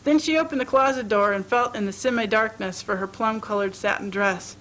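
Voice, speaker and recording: A woman reading a short story aloud in a steady, expressive storytelling manner. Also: medium pitch, brisk, a little hiss or hum, rough recording. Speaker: reader.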